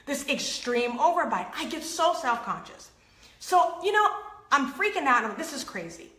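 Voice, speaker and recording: A woman hosting an inspirational faith talk, telling stories with acted-out quotes and lively laughter. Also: sits high, reverberant. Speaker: host.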